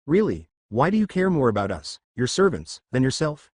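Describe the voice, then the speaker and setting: A man's voice: mid-range voice, very animated, moderate pace, breathy edge, no room sound, studio quality. A man voicing a cheeky male servant who lectures and mocks his immortal master in a fan story reading. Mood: scolding. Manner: mocking, scolding.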